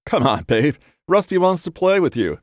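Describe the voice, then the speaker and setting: A man voicing an affectionate young man who dotes on his dog, speaking in a gentle, coaxing way. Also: fairly high pitch, big pitch swings, moderate pace, dry recording, clean studio sound, pitched above the performer's own voice. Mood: doting.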